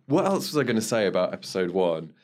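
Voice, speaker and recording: A man's voice: deep voice, big pitch swings, fast. A man co-hosting a podcast, chatting casually about a TV series and laughing often. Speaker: podcast co-host. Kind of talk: casual chat reviewing a TV series.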